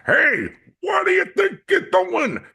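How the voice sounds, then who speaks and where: Casting: a grumpy animatronic cartoon dog, shrill yelling, hammy Southern drawl. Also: male voice, huge pitch swings, slow, gravelly, exaggerated voice. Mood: angry shouting. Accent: goofy put-on American Southern. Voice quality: shrill, shouted.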